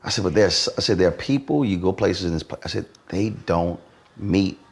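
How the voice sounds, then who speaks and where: Deep gravelly animated male host. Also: normal speed. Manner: animated storyteller, acts out quotes. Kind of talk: conversational interview.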